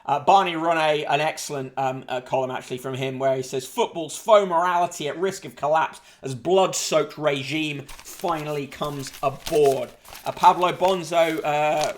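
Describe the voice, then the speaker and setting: A man's voice: on the high side, a little fast, slight background noise. A man hosting a casual livestream newspaper review, reading headlines aloud with dry asides and plenty of ums.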